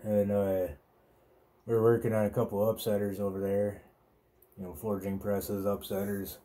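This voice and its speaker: Very dark-voiced man telling stories. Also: lowish voice, little pitch movement, moderate pace. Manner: rambling, profane, laid-back. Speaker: podcast host. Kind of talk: casual storytelling monologue.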